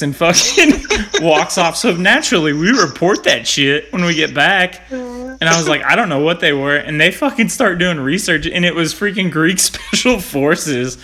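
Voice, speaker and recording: A man's voice: a little high, expressive, normal speed, pushed and bright. A man in his thirties hosting a casual chat, telling a story with plenty of swearing and laughter. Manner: swears a lot, tells stories with laughs. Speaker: podcast host.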